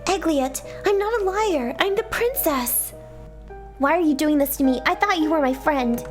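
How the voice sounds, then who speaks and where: A woman voicing a haughty, possessive young princess in a fan dub of game dialogue, commanding and prone to shrill outbursts. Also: animated, normal speed, music in the background. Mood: furious.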